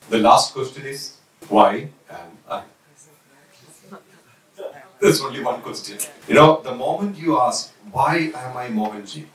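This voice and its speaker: A man giving a slow, reflective spiritual talk, pausing often and restarting his phrases. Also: medium pitch, a bit bright. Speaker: spiritual teacher. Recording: roomy, voice from a distance.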